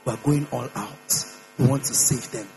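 A man preaching a sermon in a church, emphatic, repeating phrases and swinging his pitch up and down. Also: expressive, normal speed, vocal fry, poor audio. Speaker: pastor. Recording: mains hum with faint music behind.

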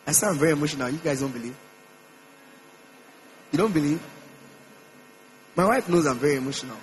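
A man preaching a sermon in a church, emphatic, repeating phrases and swinging his pitch up and down. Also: low-quality recording. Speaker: pastor. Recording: mains hum with faint music behind.

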